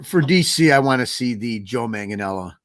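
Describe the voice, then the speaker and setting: A man's voice: mid-range voice, fairly quick, no echo, studio quality. A man co-hosting a casual livestream chat, talking loosely and repeating himself as he thinks. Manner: relaxed, rambling, repeats words. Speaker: co-host.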